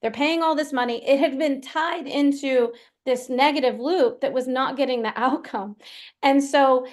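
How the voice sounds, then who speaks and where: High-pitched lady coach, chatty and animated, telling stories to a live q&a. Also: normal speed. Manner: chatty, animated storytelling with laughs. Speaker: performance coach. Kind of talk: live Q&A storytelling.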